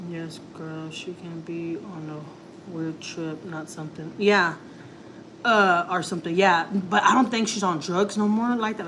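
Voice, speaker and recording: A woman's voice: fairly low pitch, a little hiss or hum, rough recording. A woman family vlogger telling a story casually to her viewers, rambling and confiding, full of "like" and "you know". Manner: rambling, heavy use of filler words like "like" and "you know"; emotional, confiding.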